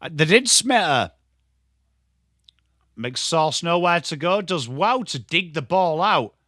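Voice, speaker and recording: A man with a strong Yorkshire accent giving live football watchalong commentary, excitable and sweary, chatting to viewers by name. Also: on the high side, slow pace, no echo, clean studio sound. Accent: Yorkshire English. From Yorkshire, England. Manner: excitable, sweary banter addressed to chat viewers. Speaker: watchalong streamer.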